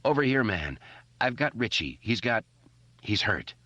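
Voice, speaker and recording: An exhausted young man who stammers as he calls into the dark, read out by a man. His voice sits a little above a deep narrator's usual register, and the recording is dry and slightly dull. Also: sing-song, a little slow, no room sound, full character voice. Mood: strained. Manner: stammers under strain. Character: weary young man calling out, stuttering.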